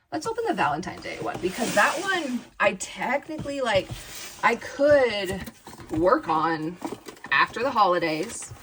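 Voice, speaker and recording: A woman's voice: fairly low pitch, fairly bright tone, slight background noise, low-quality recording. A woman crafting vlogger chatting casually to camera, rambling and indecisive, often laughing at herself and addressing viewers as "you guys.".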